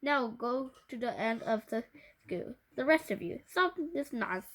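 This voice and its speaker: A woman's voice: fairly high pitch, lively intonation, measured pace. A woman doing a stern, bossy schoolteacher. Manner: sharp commanding. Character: stern bossy female teacher.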